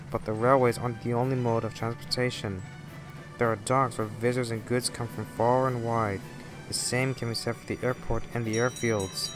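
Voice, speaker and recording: A man reading a fan-made children's-style railway story as narrator, in a steady, plain storytelling manner. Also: medium pitch. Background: faint music.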